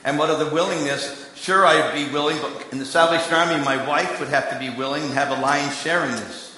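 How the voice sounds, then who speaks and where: A man preaching in a large hall, his voice bright and forceful. His story moves between hushed asides and strong emphasis, and every word rings out with a long, echoing reverb. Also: on the high side, brisk. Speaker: preacher and candidate recruiter. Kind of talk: sermon.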